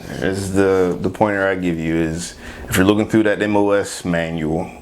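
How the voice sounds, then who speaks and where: A man co-hosting a casual chat, a military veteran who talks bluntly, jokes and laughs loudly. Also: low-pitched, fairly even intonation, moderate pace, a little hiss or hum.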